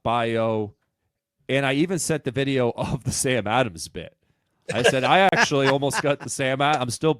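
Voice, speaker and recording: A comedian with a New England accent telling a profane, self-mocking story on a podcast. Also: male voice, medium pitch, clean tone, no echo, clean studio sound. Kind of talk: casual storytelling chat.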